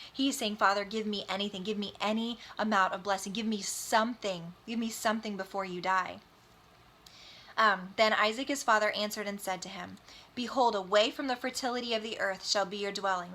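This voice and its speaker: A woman's voice: mid-range voice, bright, forceful tone. A woman giving a casual Bible study lesson, reading scripture aloud and explaining it in plain, everyday words. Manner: conversational, reads scripture aloud then explains it in plain slang. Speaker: Bible teacher.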